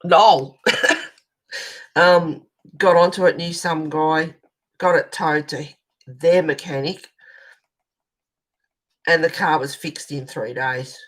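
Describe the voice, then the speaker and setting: A woman's voice: deep voice, steady tone, slow pace, long pauses, rough recording. An Australian woman hosting a colouring channel, telling a long rambling story in casual chat as she colours, swearing now and then.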